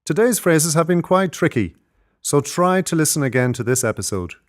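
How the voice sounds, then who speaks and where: A man teaching a short scripted language lesson, speaking clearly and slowing down to model phrases for learners. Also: a little high, animated. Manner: clear, upbeat teacherly delivery, slows down for phrases. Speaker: Irish teacher.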